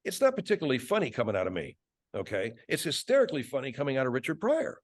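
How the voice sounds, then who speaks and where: A man's voice: mid-range voice, wildly swooping pitch, racing, dry recording, clean studio sound. A man, a guest voice actor, chatting thoughtfully in an interview and slipping into character voices. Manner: reflective, many restarts, slips in voices. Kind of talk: casual interview chat.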